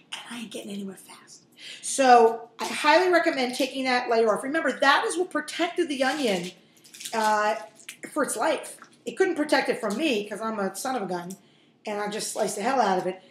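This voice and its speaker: A woman's voice: high-pitched, roomy sound, slight background noise. A woman in her forties hosting a home cooking show, chatting and joking straight to viewers as she works. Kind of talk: casual cooking demonstration.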